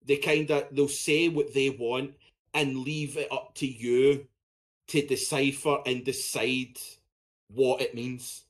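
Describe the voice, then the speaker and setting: A man's voice: medium pitch, level tone, slow. A man co-hosting a podcast in casual, blunt, sweary chat. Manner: blunt, sweary, talks in short bursts. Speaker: podcast co-host.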